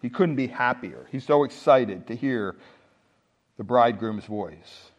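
A man's voice: medium pitch, measured pace. A man preaching a sermon with emphasis, asking the congregation rhetorical questions. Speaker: pastor.

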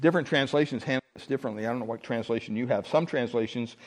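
A man's voice: mid-range voice, racing. A man preaching a sermon with emphasis, asking the congregation rhetorical questions. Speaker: pastor.

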